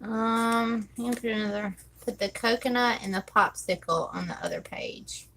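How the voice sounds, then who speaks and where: A woman's voice: fairly high pitch, normal speed, a bit bright, slight background noise, poor audio. A woman chatting casually while she decorates her planner, thinking aloud and counting under her breath. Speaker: planner vlogger.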